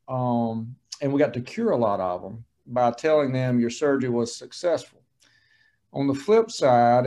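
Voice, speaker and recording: A man's voice: medium pitch, darkish tone. A man, a surgeon giving a folksy, joking lunch-and-learn talk. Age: 40s. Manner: folksy, joking, plain-spoken. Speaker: colorectal surgeon.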